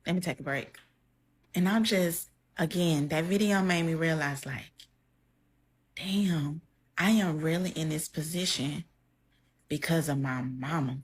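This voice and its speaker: A young woman, a content creator, speaks heartfelt words to her camera in an emotional reaction vlog, close to tears. Her voice sits low and husky, her pace is measured, and she pauses often, all picked up by the camera mic as she faces it.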